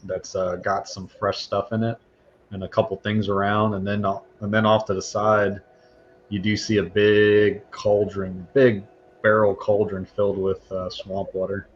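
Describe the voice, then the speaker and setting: Low, flat-voiced male game master. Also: unhurried. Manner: hesitant, many fillers. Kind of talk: narrating a tabletop game. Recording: dull lo-fi sound with faint hiss.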